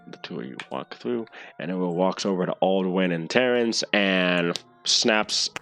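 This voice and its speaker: A man's voice: low-pitched, a little slow, fairly bright tone, soft background music. A man narrating as game master of an online tabletop game, often stopping and restarting his sentences.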